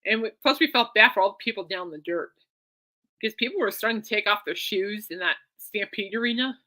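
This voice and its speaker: A woman hosting her own podcast, rambling excitedly in a casual monologue full of fillers and restarts. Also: medium pitch, brisk. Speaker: podcast host.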